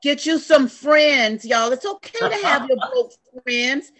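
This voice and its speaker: A middle-aged woman telling a story in an animated, preaching way to a group on a video call. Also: high voice, takes it slowly. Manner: animated, preachy, uses y'all.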